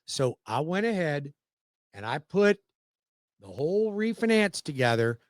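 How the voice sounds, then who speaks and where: A man hosting a radio show as a mortgage lender, telling a client story in a persuasive, animated way, with big swings in pitch and loudness for emphasis. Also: a little slow, no echo, studio quality.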